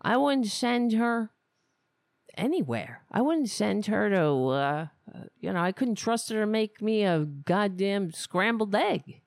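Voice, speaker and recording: A woman's voice: mid-range voice, expressive, slow pace, creaky, a little mellow, no echo, clean studio sound. A woman hosting a live political commentary stream, ranting with scorn and stumbling over her words.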